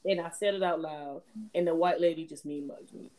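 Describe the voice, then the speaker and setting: A woman's voice: a little fast, low-quality recording. A young adult woman hosting a podcast, telling a story in casual, profane chat and acting out every quote. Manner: animated, profane, acts out quotes with big pitch jumps. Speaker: podcast host.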